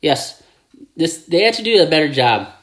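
A man hosting his own football picks show, excitable, with catchphrases and mouth sound effects. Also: a little high, moderate pace. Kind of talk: casual sports picks video.

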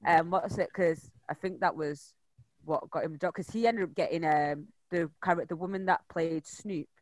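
A man talks casually with friends in a slightly higher voice. He rambles, restarts and lets his sentences fade quietly at the end. The sound is close and dry, with no room around him. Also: normal speed, no echo. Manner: chatty, trails off and restarts, drops quiet at line ends. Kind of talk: casual chat.

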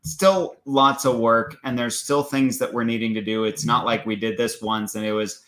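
A man's voice: medium pitch, steady tone, normal speed, fairly bright tone. A man co-hosting a casual parenting talk, explaining earnestly and repeating words as he goes. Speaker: co-host.

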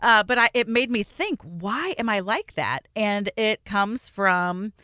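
A woman's voice: mid-range voice, animated, unhurried, bright, forceful tone, dry recording, clean studio sound. A middle-aged woman co-hosting a podcast, telling personal stories candidly and voicing her own anxious self-talk. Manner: candid, confessional storytelling with quoted self-talk. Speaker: podcast co-host. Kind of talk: casual chat.

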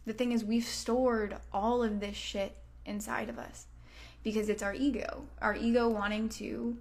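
A woman's voice: fairly high pitch, little pitch movement, a little slow, vocal fry. A woman hosting a self-help podcast, talking casually and swearing freely. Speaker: podcast host. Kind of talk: motivational self-help talk.

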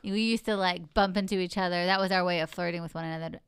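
A woman in casual conversation, telling a story in an animated, expressive way. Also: lowish voice, fast, hardly any pauses, smooth, no echo, clean studio sound. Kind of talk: casual chat.

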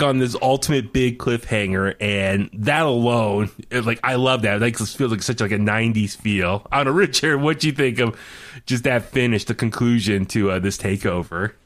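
Young male co-host, casual and excitable, quick to laugh, middle-pitched voice. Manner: laughs often, excitable, many fillers. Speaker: podcast co-host. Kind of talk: casual wrestling chat.

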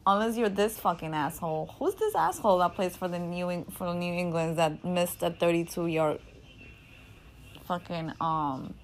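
A woman casually telling a story in an animated, profane, slangy way, often laughing. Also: lowish voice, moderate pace, a little hiss or hum, poor audio. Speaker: storyteller recounting a game.

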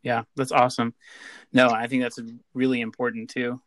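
A man hosts a casual podcast interview, his voice bright and pressed, kept flat in pitch. He affirms his guest with short responses and eases into questions with plenty of fillers. The sound is dry and close, with no room echo. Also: normal speed. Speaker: podcast host.

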